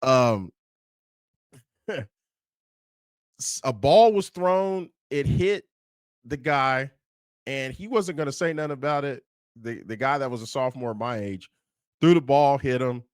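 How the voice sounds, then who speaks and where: A man from Kansas giving a casual, animated film commentary, swearing freely and acting out the lines he quotes. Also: mid-range voice, unhurried, pauses often, clear, resonant tone, no echo. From Kansas, USA. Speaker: movie review YouTuber.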